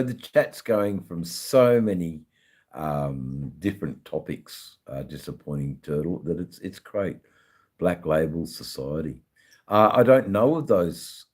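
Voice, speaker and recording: A middle-aged Australian man talks casually to his livestream chat, stumbling over words and filling gaps with ums and uhs. His voice sits very low and he takes his time. He swears offhandedly as he goes. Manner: halting, many ums and repeated words. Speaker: livestream host.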